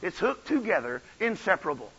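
A man preaching a revival sermon, swinging from soft asides to shouted runs. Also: sits high, big pitch swings, fairly quick, husky, highs cut off. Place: church.

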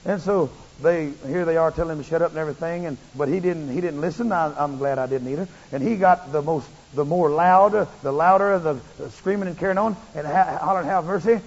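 A male preacher giving a fervent, repetitive sermon that rises into shouts. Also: a little high, a little fast, few pauses, breathy edge. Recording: muffled, long hall reverb.

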